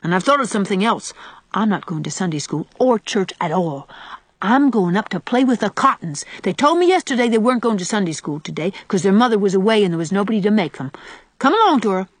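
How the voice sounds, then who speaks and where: A woman's voice: medium pitch, big pitch swings, quick pace, no echo. A woman reading the part of a defiant nine-year-old boy who talks back recklessly and boasts. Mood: rebellious.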